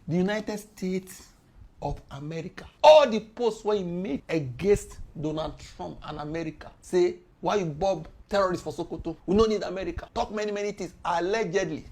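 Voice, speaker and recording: A woman with a Nigerian Pidgin English accent, talking through the news in a casual, animated explainer, her voice swinging between loud and soft. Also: fairly low pitch, normal speed. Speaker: commentator.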